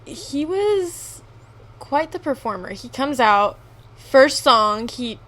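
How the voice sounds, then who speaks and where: A young adult woman co-hosting a podcast, telling a story in animated, casual talk full of slang. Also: high-pitched, slow pace. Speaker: podcast co-host. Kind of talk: casual chat.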